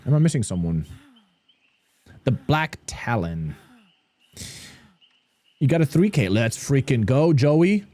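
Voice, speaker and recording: A man's voice: medium pitch, very animated, takes it slowly, long pauses, mellow, dry recording. A young man from Germany, casually chatting with viewers and cracking jokes while streaming a game. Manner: joking, cursing, chatting with viewers. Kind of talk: casual livestream commentary.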